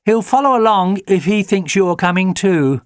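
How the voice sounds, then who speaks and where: A brisk, cheerful woman who minds dogs, briskly reassuring everyone that all will be fine, as a man puts her on. Her voice is raised well above a plain tone, bright and brisk. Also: high-pitched, expressive, clear, resonant tone, dry recording, clean studio sound, pitched above the performer's own voice.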